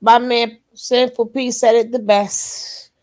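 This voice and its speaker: A woman with a fairly high voice gives reaction commentary. She talks emphatically and bluntly, circling back to the same phrases again and again. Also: little pitch movement, takes it slowly, a little mellow. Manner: emphatic, repeats phrases over and over; blunt, curses then apologizes.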